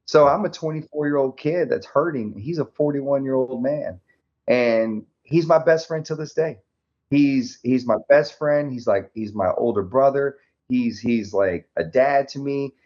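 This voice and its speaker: A man guest telling a personal story candidly in an interview, lively and laughing often, acting out the dialogue. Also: medium pitch, measured pace. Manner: animated, laughs often, acts out quoted dialogue. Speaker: podcast guest, army veteran. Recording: slightly dull lo-fi audio.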